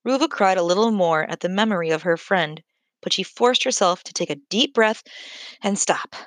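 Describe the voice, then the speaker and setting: Woman narrator, audiobook, measured, lowish voice, dry close recording. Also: no echo.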